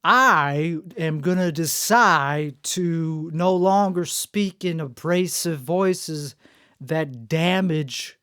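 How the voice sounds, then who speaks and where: Slow-talking man with a worn, strained voice. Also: a little high, a bit bright, smooth, no room sound, studio quality. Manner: talks through barely moving lips, self-mocking and digressive. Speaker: podcast host. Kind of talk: rambling solo podcast monologue. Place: indoor room.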